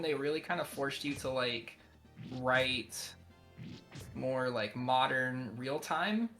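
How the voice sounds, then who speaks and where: A man co-hosting a live stream, talking casually in a halting way full of fillers and often laughing. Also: medium pitch, bright, forceful tone.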